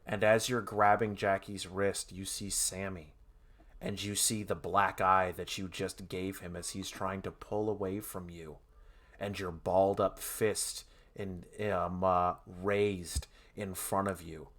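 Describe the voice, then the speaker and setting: A man with a fairly low voice who runs a tabletop horror game as game master. He narrates in a measured way and slows down for the dramatic scenes. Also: level tone, fairly bright tone.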